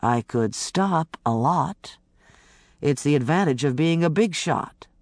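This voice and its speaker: An audiobook narrator voicing a calm male federal agent who speaks in a level, measured, gently insistent way. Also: a little high, no echo, clean studio sound. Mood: dry. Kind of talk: audiobook character voice.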